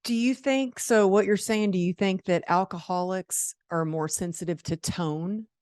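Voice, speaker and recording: A woman's voice: mid-range voice, steady tone, unhurried, a little mellow, no echo, studio quality. A woman in her forties hosting a podcast, sharing personal stories openly with casual fillers. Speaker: podcast host. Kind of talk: conversational podcast interview.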